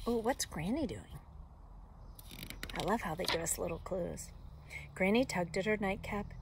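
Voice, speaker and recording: A woman teacher reading a picture book aloud expressively, with soft whispered asides. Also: medium pitch, a little slow, noisy background. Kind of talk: storybook read-aloud.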